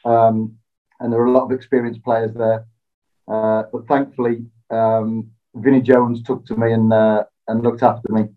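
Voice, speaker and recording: A relaxed man tells stories in an interview, self-deprecating and quick to laugh. His voice sits in a middle pitch, and the recording sounds a little dull and lo-fi. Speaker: interview guest, former footballer. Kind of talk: casual interview storytelling.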